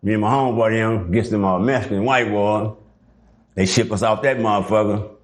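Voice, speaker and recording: A middle-aged man telling stories in a casual interview, animated and profane, acting out the voices of the people in them. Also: on the low side, fairly quick. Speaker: guest.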